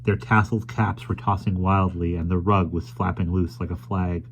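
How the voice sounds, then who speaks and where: A man reading a children's book aloud in an expressive storytelling manner. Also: low-pitched, normal speed, slight background noise. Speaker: audiobook reader.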